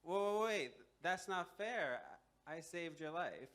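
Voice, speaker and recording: A man's voice: medium pitch, expressive, normal speed, pushed and bright. A man voicing a flustered traveller protesting that things are unfair. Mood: panicked protest. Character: panicky, pleading ordinary traveller man.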